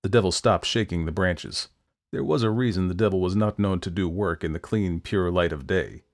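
Low-voiced male storyteller. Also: normal speed. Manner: steady, expressive folktale telling. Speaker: narrator. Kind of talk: storytelling narration.

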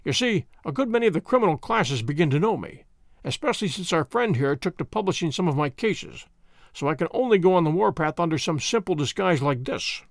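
A man voicing a calm, wry detective who speaks in a measured, commanding way. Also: on the high side, no room sound, studio quality. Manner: measured, crisp, quietly amused.

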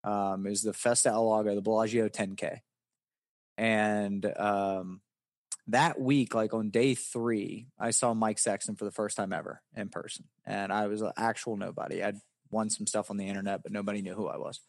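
A man's voice: on the low side, steady tone, moderate pace, no echo, studio quality. Southern man from West Virginia, rambling. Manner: rambling, many restarts and fillers. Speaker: guest, poker player. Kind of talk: casual interview chat.

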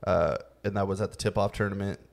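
A man hosting a podcast, telling a story in a relaxed, casual way with many fillers. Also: deep voice, quick pace, vocal fry. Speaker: podcast host. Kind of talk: casual chat.

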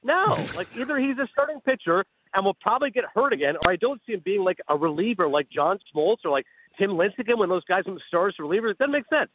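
A man phones in as a sports analyst, his voice high and his words tumbling out quickly. He talks animatedly and slips into acted-out bits of imagined dialogue. The call comes through a thin, tinny, dry phone line. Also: animated. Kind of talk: sports radio talk.

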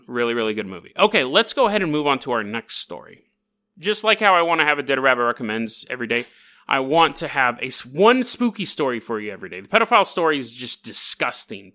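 A man hosting a podcast, telling a spooky history story in a casual, joking way and acting out the people in it. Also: fairly high pitch. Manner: animated, jokey, acts out characters. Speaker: podcast host.

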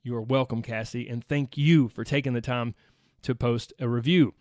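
A man's voice: medium pitch, fairly even intonation, moderate pace, darkish tone, no room sound, studio quality. A man with a Southern US accent hosting his own weight loss podcast, chatty and upbeat, talking straight to his listeners. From United States. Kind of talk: solo podcast monologue.

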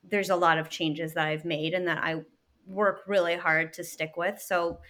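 A woman in her thirties, a working mother, talking earnestly as a guest in a casual interview, animated and quick to laugh. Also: fairly low pitch.

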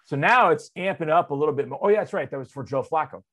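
A man in his forties, a sports radio host, telling a story on air in a loose, excitable, conversational way. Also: quick pace. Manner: animated, excitable storyteller with big swings in loudness and pitch; conversational, drops into loose asides.

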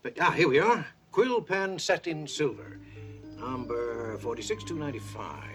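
A man's voice: fairly high pitch, lively intonation, normal speed, over music, close to an everyday voice. An actor playing a fussy antiques dealer who rambles about his finds, from a TV show. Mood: musing.

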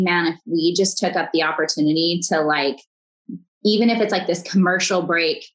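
A woman in her thirties, a podcast guest, talking earnestly and warmly upbeat in a conversational interview, often restarting her sentences. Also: on the low side, rough recording.

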